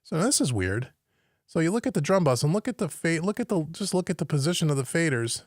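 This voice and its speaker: A fast-talking man with a fairly high voice and big pitch swings teaches home recording on a live stream. Working from his home studio, he thinks out loud and puzzles over his screen, captured in a dry, clean studio sound.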